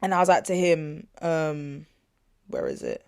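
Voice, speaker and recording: A woman's voice: sits low, wildly swooping pitch, measured pace, creaky, darkish tone, dry recording, clean studio sound. A young woman hosting a podcast, telling a personal story in a chatty, slangy way, full of asides and "not gonna lie" fillers. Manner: indignant, retelling an argument. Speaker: podcast host. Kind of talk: casual storytelling to listeners.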